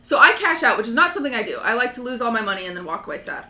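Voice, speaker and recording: Woman streamer, casual animated storyteller, bright tone, echoey room. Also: a little high, racing. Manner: animated, acts out quotes.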